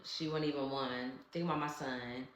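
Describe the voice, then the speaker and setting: A woman's voice: extremely low pitch, fairly even intonation, brisk, reverberant. A woman narrating a personal story in a storytime vlog, emotional and conversational, talking straight to her viewers. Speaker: vlogger.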